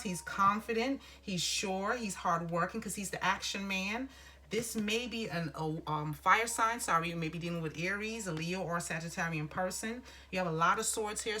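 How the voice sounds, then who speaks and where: A woman's voice: on the low side, pushed and bright, slight background noise. A woman giving a casual tarot reading, encouraging and rambling, calling the listener honey. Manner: rambling with restarts and filler phrases. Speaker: tarot reader.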